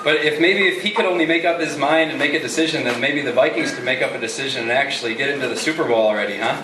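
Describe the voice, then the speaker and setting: A man doing a hesitant, halting stand-up routine at an open mic. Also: medium pitch, recorded from a distance. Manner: hesitant, halting, restarts often. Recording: echoey room, mic from afar, noisy.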